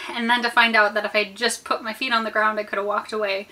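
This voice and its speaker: A young American woman telling a story to her viewers in a chatty, animated way with many fillers while she eats. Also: medium pitch, quick pace. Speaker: vlogger. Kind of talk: storytime chat while eating.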